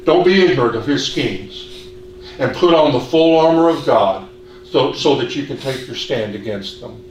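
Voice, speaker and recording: A man preaching a sermon in an earnest, measured way, asking the congregation questions. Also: mid-range voice, animated. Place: church hall. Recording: echoey hall, distant mic, faint hiss.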